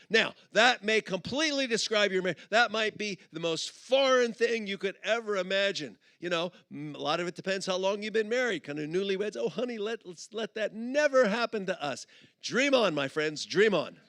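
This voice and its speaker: A middle-aged man giving a humorous sermon at a conference, telling stories and acting out both sides of a couple in quick put-on voices. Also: high-pitched, lively intonation, sharp tone, no echo, clean studio sound. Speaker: conference speaker. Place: conference auditorium.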